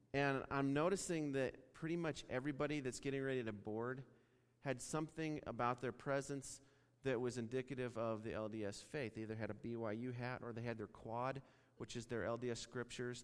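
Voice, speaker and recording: A man from Wyoming preaching a sermon, telling a story and acting out the dialogue in an animated way. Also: mid-range voice, clear, resonant tone. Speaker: pastor. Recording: long reverb of a large hall.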